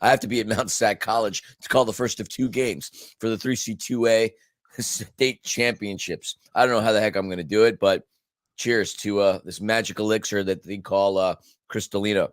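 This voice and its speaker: A man's voice: fairly low pitch, fairly even intonation, normal speed, no echo, studio quality. A man co-hosting a soccer podcast, talking in an emphatic, chatty way while losing his voice. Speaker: podcast co-host and commentator. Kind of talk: casual podcast chat.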